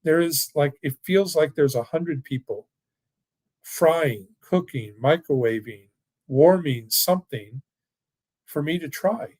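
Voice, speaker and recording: A man who owns a financial firm hosts a casual webinar with live Q&A from a home or office online workshop, enthusiastic, rambling, and folksy. His fairly high voice is expressive and a little mellow, slow-paced, with no room sound.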